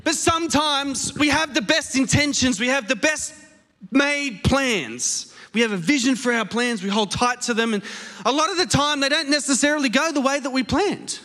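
A man with an Australian accent preaching a sermon, telling a story in an animated, self-mocking way on a stage microphone in a church auditorium. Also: extremely high pitch, normal speed. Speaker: pastor. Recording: long hall reverb.

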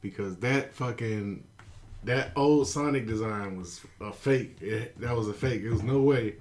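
A man's voice: fairly low pitch, a little slow, darkish tone. A man co-hosting a casual podcast, laid-back and slangy, arguing his point with emphasis. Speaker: podcast co-host. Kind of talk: casual chat.

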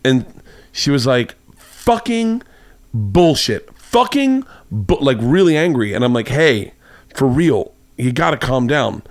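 Speaking at a normal pace in a mid-range voice, this podcast host spins a long, meandering story in casual conversation and performs the voices of its characters. He's in a home studio room, and the recording is dry.

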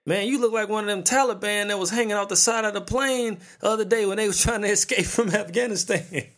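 A man's voice: high-pitched, fast, a bit bright, pitched above the performer's own voice. A man putting on the voice of a teasing older woman coworker who mocks him. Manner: mocking, teasing.

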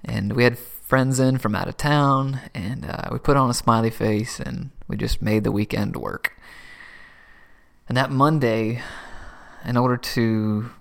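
A middle-aged man sharing his personal faith testimony in an earnest, emotional way, with soft laughs and words that drop to a whisper. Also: medium pitch, steady tone, a little slow, creaky. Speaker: Christian testimony speaker.

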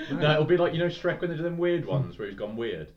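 A young man tells rambling, deadpan jokes in casual podcast banter. His voice sits mid-range but moves widely. The recording is a little dull, with busy chatter from others all around. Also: on the high side, a little fast. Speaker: podcast co-host.

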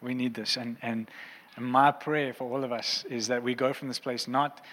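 A man's voice: medium pitch, little pitch movement, normal speed, fairly bright tone, long reverb tail, poor audio. A man preaching a sermon as a pastor, earnest and impassioned, in a church auditorium.

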